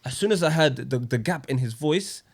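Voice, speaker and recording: A man's voice: mid-range voice, animated, moderate pace. A young man, a podcast co-host sharing a personal story in earnest, slang-filled casual chat. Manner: earnest, slang-filled, says wallahi often.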